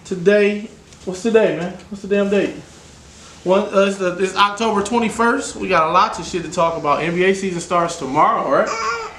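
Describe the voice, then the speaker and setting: High-voiced man talking loud sports trash. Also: fairly quick. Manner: loud, joking trash talk. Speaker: podcast host. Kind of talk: casual sports chat. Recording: echoey room with faint noise.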